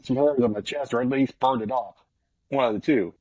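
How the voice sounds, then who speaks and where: A man on a podcast, casually telling an excited story with plenty of swearing and quoted lines of his own. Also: mid-range voice, fairly quick, muffled recording. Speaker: podcast co-host.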